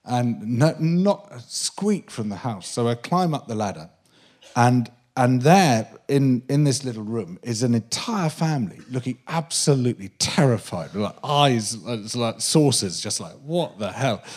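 A man, a guest on a live interview show on a theatre stage, telling an animated anecdote with many restarts and laughs. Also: medium pitch, unhurried. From Britain. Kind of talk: live comedy-podcast interview, storytelling.

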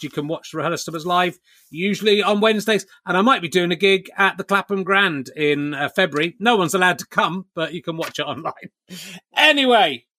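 A man hosts his podcast from home with a bright, forward voice pitched a touch high. The sound is close and dry, with no room around it. He talks in a wry, self-mocking way and keeps wandering into comic asides. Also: no echo. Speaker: podcast host. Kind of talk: chatty comic monologue and interview. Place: at home during lockdown.

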